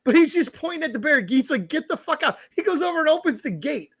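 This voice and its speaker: A man's voice: extremely high pitch, quick pace. A man co-hosting a podcast, telling crude stories full of swearing. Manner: swearing, animated storytelling. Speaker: podcast co-host. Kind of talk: crude comedic banter.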